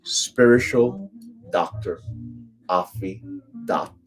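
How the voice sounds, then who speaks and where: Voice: mid-range voice, drawn-out words, soft background music. A spiritual coach from Cuba giving a live tarot reading, emphatic and chanting repeated phrases.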